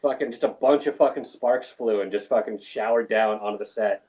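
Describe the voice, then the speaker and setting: This man's voice is lowish and warm, with a brisk pace and lo-fi sound. A guest in a casual interview, he's a lighting technician on film crews from New Mexico who tells profane, rambling anecdotes.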